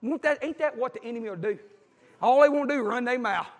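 Man, pastor, very high voice, fervent and folksy, church hall echo. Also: fast. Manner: fervent, folksy, calls out to the congregation. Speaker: preacher. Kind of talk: sermon. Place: church with a congregation. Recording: echoey hall.

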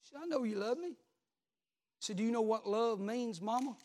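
A man, a pastor preaching a sermon, telling a story and then building to loud repeated calls. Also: very high-pitched, fairly quick.

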